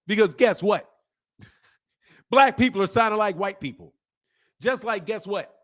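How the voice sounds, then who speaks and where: A man hosting a boxing live stream and ranting in a sarcastic, heated way, swinging from mock pleading to loud outbursts. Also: high voice, expressive, a little slow. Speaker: boxing channel host. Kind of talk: live-stream commentary and rant.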